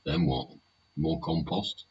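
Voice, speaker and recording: Very deep-voiced, sweary man. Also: takes it slowly, a little mellow, slightly rough. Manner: heavy swearing, tag questions. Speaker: host of a live solo show. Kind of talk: rambling live chat. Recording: muffled lo-fi sound, faint hiss.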